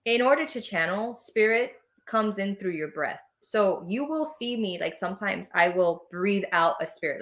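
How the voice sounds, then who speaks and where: A woman talking as a guest on a podcast, animated and quick to laugh, sometimes acting out voices as she explains. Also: medium pitch. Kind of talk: casual interview chat.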